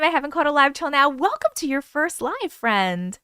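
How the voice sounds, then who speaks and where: A woman's voice: high-pitched, big pitch swings, moderate pace, bright, forceful tone, no room sound, studio quality. A woman hosting a casual livestream, chatting loosely, swearing freely and greeting and thanking viewers by name. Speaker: livestream host.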